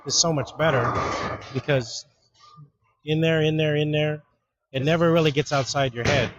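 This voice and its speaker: A man coaching a bowler in casual practice chat, talking in a relaxed, rambling way with some playful teasing. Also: on the high side, moderate pace, very noisy.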